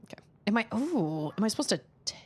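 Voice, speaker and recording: A woman's voice: medium pitch, fast talker, slightly rough. Chatty woman streamer telling a story. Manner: animated, rambling storyteller. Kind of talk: casual chat while gaming.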